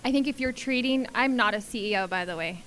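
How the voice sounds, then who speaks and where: A woman's voice: fairly high pitch, fast, fairly bright tone, slight background noise. A woman in the audience sharing a spontaneous comment, thinking aloud hesitantly with many ums. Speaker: audience member.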